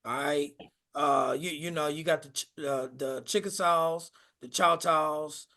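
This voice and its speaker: A man co-hosting a podcast live stream, chatting casually in a halting way full of fillers. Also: on the high side, pushed and bright. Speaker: podcast co-host.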